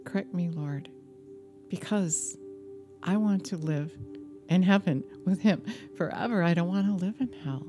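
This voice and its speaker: A woman minister giving an earnest personal testimony sermon, slow and deliberate, with a warning tone. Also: on the low side. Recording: music playing behind the voice.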